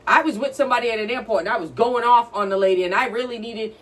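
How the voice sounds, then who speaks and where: A woman's voice: fairly high pitch, fast. A woman co-hosting a podcast, telling stories in a blunt, profane, ranting casual chat. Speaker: podcast co-host. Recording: distant from the mic.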